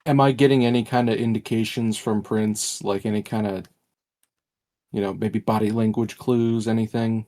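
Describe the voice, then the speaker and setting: A man taking part as a player in a tabletop role-play game, measured and thoughtful. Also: lowish voice, fairly even intonation, dark tone.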